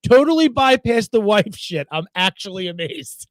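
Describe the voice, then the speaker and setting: A fairly high-voiced man who swings his pitch widely as he spins sarcastic stories on a podcast. He swears a lot and acts out both sides of conversations. The sound is close and dry. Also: lively intonation, moderate pace, no room sound. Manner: sarcastic storyteller, swears freely, acts out quotes. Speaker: podcast co-host. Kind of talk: casual comedic chat.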